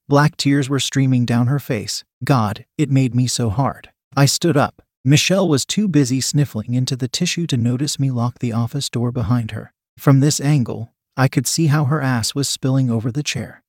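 Reading a story told in the first person, this male narrator sounds measured and sardonic. The audio is close and dry, carrying a voice of normal pitch with a darkish color.

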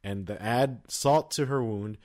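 A man's voice: fairly low pitch, measured pace, darkish tone. A man co-hosting a podcast in casual chat, rambling and full of fillers and restarts. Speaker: podcast co-host.

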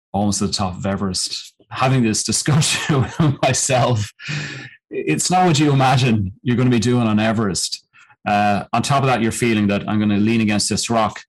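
A middle-aged man with a somewhat low voice recounts a personal story as a podcast guest. He speaks reflectively, pausing often and restarting his sentences. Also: low-quality recording. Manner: reflective, halting, with frequent fillers and restarts. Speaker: podcast guest, mountaineer and coach. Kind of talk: storytelling in an interview.

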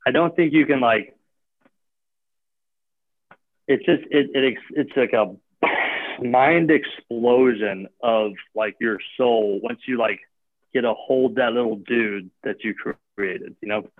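A gym owner or coach chats casually as a guest, his mid-range voice unhurried. He rambles with plenty of filler words and restarts, heard over a dry, tinny, phone-like line.

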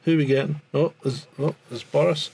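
A man's voice: a little high, steady tone, brisk, vocal fry, darkish tone, slightly rough. A Scottish man co-hosting a podcast in casual chat, rambling and restarting his sentences. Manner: rambling, repeats words, frequent restarts. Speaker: podcast co-host.

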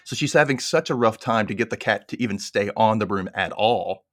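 A man hosting a casual podcast, chattily retelling a movie plot in a rambling, animated way. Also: fairly low pitch, a little fast, no room sound, clean studio sound. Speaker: podcast host.

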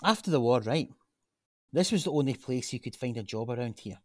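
A man's voice: mid-range voice, a little fast, dry recording, lightly acted. A man playing an earnest Glaswegian local. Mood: reflective. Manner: earnest, persuasive, animated. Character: earnest local man, grandson of a chip-shop cook. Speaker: local man pitching a gym. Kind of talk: radio drama acting.

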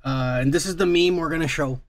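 A man's voice: a little high, a little fast. A man hosting a podcast with crude, casual banter, swearing freely, teasing his co-host and laughing often. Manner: profane, teasing, laughs a lot.

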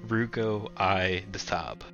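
A man's voice: low-pitched, takes it slowly, a bit bright, lo-fi sound, soft background music. A man running a tabletop horror game as game master, teasing the players and laughing often.

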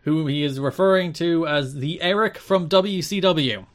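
A man co-hosting a podcast, recapping events in brisk casual chat and often repeating phrases. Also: on the high side. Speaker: podcast co-host.

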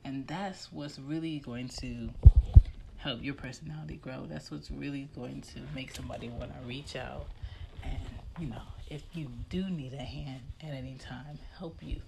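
A woman talks straight at the listener in a casual vlog rant. She is blunt and emphatic, and she lectures in a gravelly, creaky voice. A faint hiss sits under her words. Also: a bass voice, steady tone, normal speed. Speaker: vlogger. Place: hallway of her home.

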